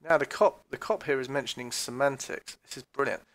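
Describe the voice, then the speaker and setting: Commenting on a police recording, a man speaks a little fast in a slightly bright voice, mocking what he hears and cursing freely. Occasionally he mimics voices, breaking into sudden high outbursts.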